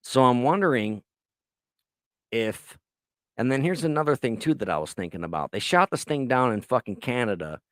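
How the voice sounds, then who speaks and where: A man hosting a podcast in casual chat, rambling excitedly and swearing often. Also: medium pitch, normal speed, dry recording. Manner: profane, rambling, excitable storytelling. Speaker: podcast host. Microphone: laptop recording.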